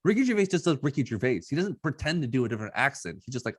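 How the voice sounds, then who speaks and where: A man's voice: mid-range voice, big pitch swings, very fast, no room sound, studio quality. A man co-hosting a podcast, giving blunt, opinionated takes on a movie in casual chat. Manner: opinionated, emphatic, blunt critique. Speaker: podcast co-host.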